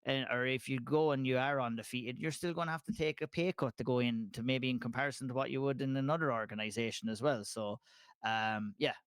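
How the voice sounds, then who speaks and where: A man's voice: medium pitch, brisk, clean tone, no room sound. A man with a thick Southern Kilkenny Irish accent, a guest chatting casually on a podcast over a call from home, rambling with lots of fillers and restarts. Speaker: podcast guest, MMA analyst. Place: at home, dinner party upstairs.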